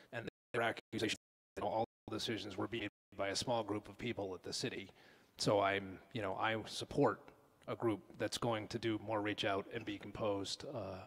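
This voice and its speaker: Male councilor, low monotone with gravel, brief and polite. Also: poor audio. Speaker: city councilor. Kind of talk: council floor remarks.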